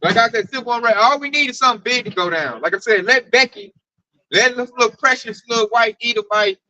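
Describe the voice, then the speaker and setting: A man tells animated stories in a casual group chat, slipping into his coworkers' voices as he goes. His tone is bright and forward. The sound is close and dry, with no room around it. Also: very high-pitched, fast, no echo, muffled recording. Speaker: speaker at a group discussion.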